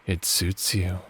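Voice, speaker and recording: A man voicing a teasing, affectionate necromancer husband in a whispered role-play, doting and laughing, speaking slowly and flirtatiously with a soft, breathy voice. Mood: sly seductive.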